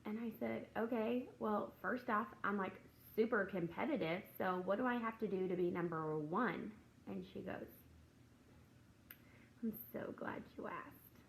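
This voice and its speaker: In a rough recording with a little hiss or hum, a woman with a mid-range voice and some vocal fry talks at a moderate pace. She's a teacher and Christian video host giving a casual devotional talk to camera, chatting and acting out classroom conversations as she tells a story.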